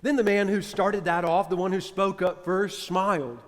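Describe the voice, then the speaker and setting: A man preaching a sermon as a priest, telling a story with dramatic swings from loud to hushed. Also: sits high, fairly even intonation, moderate pace. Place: church. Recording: reverberant church hall.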